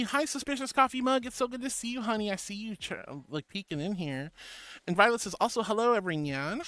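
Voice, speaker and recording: A woman's voice: lively intonation, a little fast, a bit bright, no echo. A woman streamer chatting casually and reading out viewer messages. She is affectionate and bubbly, calls everyone honey and sweetheart, and gasps with delight. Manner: bubbly, with big gasps and swoops in pitch. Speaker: VTuber streamer.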